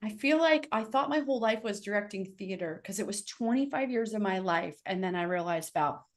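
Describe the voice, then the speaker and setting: A woman speaking coach hosting an online session, gushing and animated as she tells a story over a call mic. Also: medium pitch, a little fast. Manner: gushing, animated storyteller who acts out voices. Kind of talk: enthusiastic casual chat.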